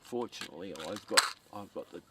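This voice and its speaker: With a fairly low voice and a slightly quick pace, a man vlogs at a graveside, rambling to camera while repeating himself, cursing, and laughing softly. The outdoor recording comes from a distant mic, with faint background noise.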